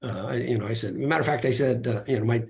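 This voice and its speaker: Gravelly middle-aged male guest, anecdotal storyteller, loose and filler-heavy. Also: mid-range voice, very fast. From California. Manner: anecdotal, acts out quoted voices, frequent fillers. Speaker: guest author. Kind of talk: storytelling interview.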